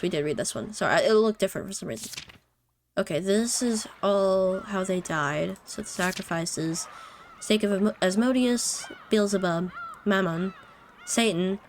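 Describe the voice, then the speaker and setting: A woman casually commenting on a visual novel as she plays, excitable and thinking aloud. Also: mid-range voice, normal speed, a little hiss or hum. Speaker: let's-play streamer.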